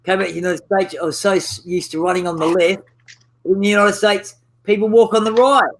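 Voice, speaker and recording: A man's voice: sits high, fairly even intonation, fairly quick, low-quality recording. A man with an Australian accent hosting a crude, rambling casual chat, swearing constantly. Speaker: host.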